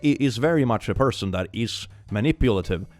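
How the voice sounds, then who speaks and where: A man's voice: medium pitch, expressive, brisk, faint music behind. A young man giving sarcastic, comedic commentary while reading chat messages aloud and laughing often. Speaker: online commentator.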